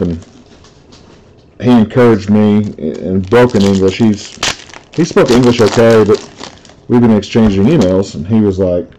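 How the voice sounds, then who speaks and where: A man's voice: lowish voice, mellow, slight background noise, rough recording. A man hosting a live card break, chatting casually, telling stories and reading out the cards he pulls. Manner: chatty storyteller, laughs easily, reads out cards.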